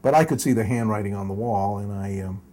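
An older man recounting memories at length, his voice husky and mellow with a soft, breathy edge. He wanders and corrects himself mid-sentence, with little chuckles woven through the telling. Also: on the low side, fast talker. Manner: rambling, self-correcting, chuckles while telling stories. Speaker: interview guest. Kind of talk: storytelling in a long interview.

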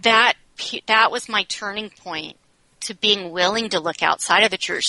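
A woman's voice: mid-range voice, pushed and bright, no room sound, rough recording. A woman speaking as an interview guest, telling a personal story in a candid, reflective way and often saying "you know.".

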